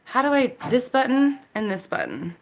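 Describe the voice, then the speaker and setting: A woman's voice: a little high, wildly swooping pitch, normal speed, a little hiss or hum. A woman hosting a live Q&A as a mindset coach, chatting casually into her phone, reacting to viewer comments with frequent laughter and casual swearing. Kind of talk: casual live-stream chat.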